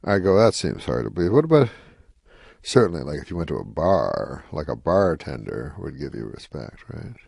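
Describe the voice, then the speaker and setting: A comedian telling a long, rambling anecdote in a casual interview, deadpan and full of "you know" asides. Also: male voice, very deep voice, normal speed, vocal fry, slightly rough, no room sound, clean studio sound. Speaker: comedian guest telling a story.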